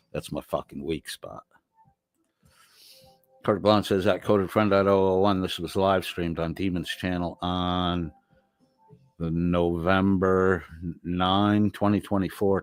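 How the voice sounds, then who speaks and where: Low-voiced man streaming live. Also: no room sound. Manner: rambling, profane, talks back to chat. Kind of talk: casual live-stream chat, reading comments aloud. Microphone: laptop microphone.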